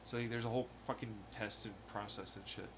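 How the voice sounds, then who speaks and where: A man hosting a podcast in a rambling, casual monologue, swearing freely, laughing often and getting loud when excited. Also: fairly low pitch, a little fast, noisy background. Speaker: podcast host. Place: at home on laundry day.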